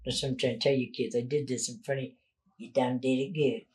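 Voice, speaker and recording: A woman's voice: extremely low pitch, flat delivery, fast, background noise. A middle-aged woman telling stories on a casual podcast as a psychic guest, swearing freely and laughing often. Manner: profane, storytelling, loud laughter.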